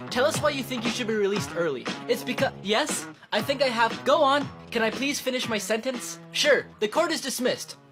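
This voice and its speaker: Lively voice over music, short comedy skits. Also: female voice, a little high. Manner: quick deadpan punchlines. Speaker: skit comedian.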